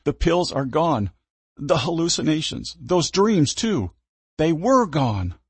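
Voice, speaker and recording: A man voicing a terrified young man who shouts high, strained pleas in a storybook reading. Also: very animated, slow, husky, dry recording, exaggerated voice. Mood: distraught.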